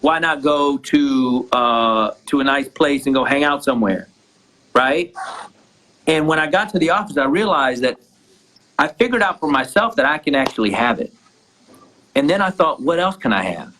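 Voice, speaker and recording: A man's voice: medium pitch, lively intonation, moderate pace, pushed and bright, slight background noise, poor audio. A man, a guest entrepreneur, casually telling a personal story with many restarts.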